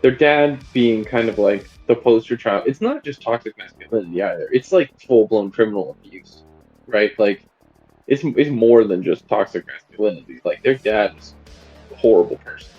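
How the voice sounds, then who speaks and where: A man's voice: on the low side, moderate pace, a little mellow, highs cut off, soft background music. A man co-hosting a podcast, chatting casually about a film in a rambling way with many fillers and restarts. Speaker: podcast co-host.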